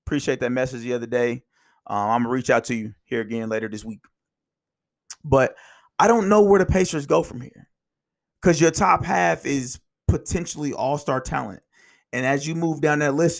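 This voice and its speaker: A man with a gravelly, fry-touched voice hosts a casual sports talk show. He talks in rambling, animated rants that jump from point to point. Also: a little high, normal speed. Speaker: podcast host.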